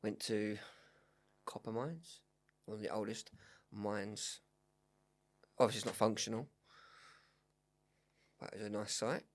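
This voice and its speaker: A man's voice: on the low side, a little slow, long pauses. A young man co-hosting a podcast, telling his holiday story in an easygoing, agreeable way and laughing often. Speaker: podcast co-host. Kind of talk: casual chat.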